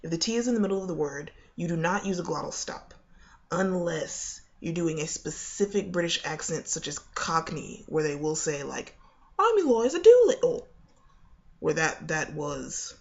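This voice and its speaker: A young woman explains pronunciation in a relaxed, chatty way, often pausing on fillers and restarting her sentences. Her voice carries a noticeable creaky fry. The recording sounds dull and lo-fi, like a home video. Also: deep voice. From United States. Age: young adult. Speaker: accent coach. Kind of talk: casual video lesson.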